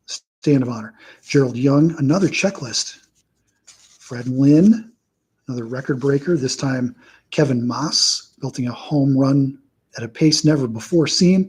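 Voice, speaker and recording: Very husky man, dry list-reading host. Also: mid-range voice, poor audio. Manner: reels off names in a steady list with dry, wry asides. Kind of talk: casual live-stream commentary.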